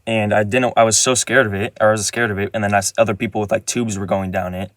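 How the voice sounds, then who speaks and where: A man's voice: lowish voice, fairly even intonation, fast, fairly bright tone, slight background noise. A man casually recounting a dream in a rambling way, with lots of restarts and filler words. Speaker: vlogger. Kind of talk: casual dream retelling monologue.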